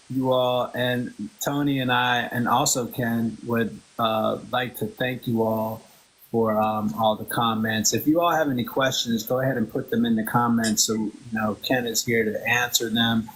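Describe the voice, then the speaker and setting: A man's voice: medium pitch, fairly even intonation, normal speed, fairly bright tone, poor audio. A man co-hosting a casual show, chatty and upbeat, speaking straight to the audience. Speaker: co-host. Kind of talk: casual live show chat.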